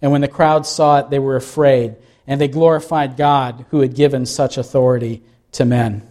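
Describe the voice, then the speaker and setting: A man's voice: medium pitch, fairly even intonation, normal speed, a little mellow. A male pastor preaching a sermon, full of rhetorical questions and acted-out quotes.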